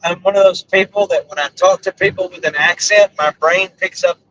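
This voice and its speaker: A man's voice: high voice, fairly even intonation, a little fast, fairly bright tone, distant mic, muffled recording. A middle-aged man, chatting loosely on a live stream from a vehicle, his voice worn and giving out. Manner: joking, goofy, self-mocking. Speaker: storm chaser streaming live. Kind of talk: casual rambling live-stream chat. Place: inside a vehicle.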